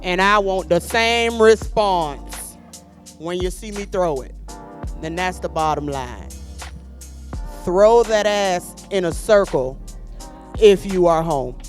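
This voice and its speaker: A man's voice: high voice, animated, takes it slowly, pauses often, soft background music. A man hosting a poetry slam, reading out scores and hyping the crowd in a loose, playful way. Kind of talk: live event hosting.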